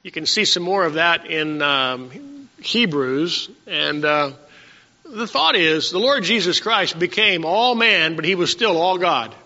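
A male pastor preaching a sermon, reading scripture slowly and then telling homespun stories to his congregation. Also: a little high, very animated, bright, forceful tone. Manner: reads verses slowly, then tells folksy stories. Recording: dull lo-fi church recording with long reverb.

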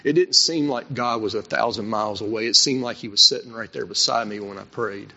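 A man's voice: lowish voice, fairly quick, gravelly, pushed and bright. A man preaching a sermon, telling his own story earnestly and with emphasis. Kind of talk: sermon with personal testimony. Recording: dull lo-fi recording.

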